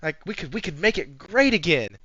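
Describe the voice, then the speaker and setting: A man voicing a sheepish man who quietly and hesitantly begs for his old job back. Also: on the high side, very animated, a little fast, no room sound, heavily acted. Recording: dull lo-fi sound.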